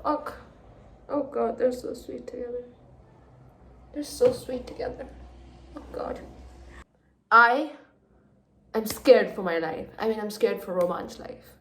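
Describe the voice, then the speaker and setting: A young woman reacting emotionally to a book in a casual reading vlog, going from hushed gushing to loud exasperation. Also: a little high, takes it slowly, pauses often, slight background noise. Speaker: book vlogger. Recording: echoey room.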